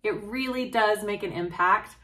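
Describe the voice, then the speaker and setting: A woman's voice: medium pitch, moderate pace, bright, forceful tone. A woman hosting a casual sewing tutorial vlog, gushing and bubbly, laughing often and using fillers, recorded at home. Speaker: host. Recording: voice a little distant from the mic.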